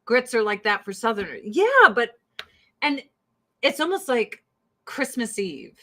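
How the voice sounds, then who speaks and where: A woman's voice: fairly high pitch, sing-song, measured pace, bright, forceful tone. Profane, blunt woman in her forties. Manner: profane and blunt, breaks into laughs. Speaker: vlogger. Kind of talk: casual chat during a skincare routine. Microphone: streaming mic close to the camera.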